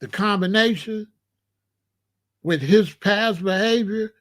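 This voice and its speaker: A man with a high voice hosts a live reaction stream. He talks in an unhurried, drawn-out way, loose and casual. He keeps circling back to the same points and keeps asking his viewers questions. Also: a bit bright. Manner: casual, repetitive, asks chat questions. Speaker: commentary channel host.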